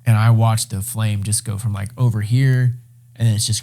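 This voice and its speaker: Mellow-voiced man telling an excited survival story. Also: on the low side, normal speed. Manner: animated, excited retelling with swearing and restarts. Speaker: podcast guest, reality show winner. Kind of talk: casual storytelling.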